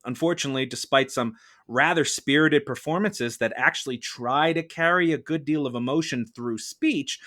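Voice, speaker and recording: A man acting as prosecutor in a mock trial on a podcast, arguing a prepared case in a measured, formal courtroom manner. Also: a little high, sharp tone. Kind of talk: prepared argumentative case delivered to a judge.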